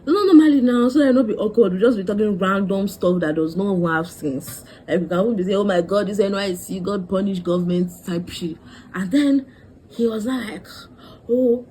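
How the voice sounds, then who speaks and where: A woman's voice: medium pitch, moderate pace, slight background noise, poor audio. A young woman tells a storytime vlog, acting out what everyone said. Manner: animated, dramatic quoting of others. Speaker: vlogger.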